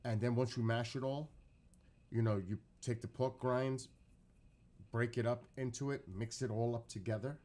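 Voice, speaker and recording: A man chatting casually and excitedly as he explains a recipe step by step, often repeating that he is getting hungry. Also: mid-range voice, moderate pace. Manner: rambling, self-correcting step-by-step explanation. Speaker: streamer reacting to his own cooking clip.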